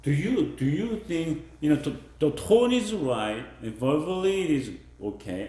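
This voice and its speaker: A male professor giving a classroom lecture, halting with fillers and restarts, acting out example phrases in different tones. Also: on the high side, very animated, mellow, reverberant. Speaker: university professor.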